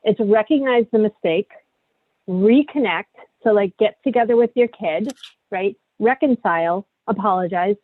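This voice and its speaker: A woman's voice: mid-range voice, moderate pace, no room sound. Woman coaching parents over a tinny call. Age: middle-aged. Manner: candid, coaching, frequent rhetorical "right?". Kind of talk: online parenting workshop.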